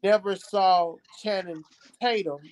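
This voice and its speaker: A man hosting a casual film discussion, animated and repeating phrases for emphasis. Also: high voice, slow, poor audio. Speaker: podcast host.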